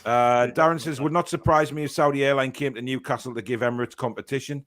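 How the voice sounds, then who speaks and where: A young man hosting a casual fan podcast, reading viewer comments aloud with lots of fillers and quick reactions. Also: medium pitch, steady tone, a bit bright.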